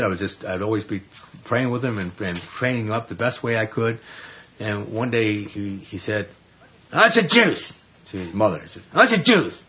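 A male preacher delivers a sermon full of personal stories at an ordinary mid-range pitch. He talks in an animated way, acts out the voices he quotes, and often restarts his sentences. The recording sounds dull and lo-fi.

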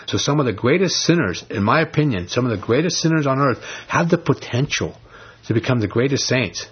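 Male pastor, emphatic, plainspoken sermon delivery, husky tone, dull recording. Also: medium pitch, expressive, fairly quick. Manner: blunt, emphatic preaching with casual slang.

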